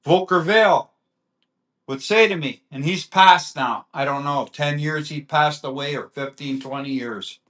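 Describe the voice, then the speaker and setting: Man talking real slow, rambling stories, keeps restarting, slightly high voice. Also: fairly bright tone. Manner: rambling storyteller, halting restarts. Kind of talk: casual chat.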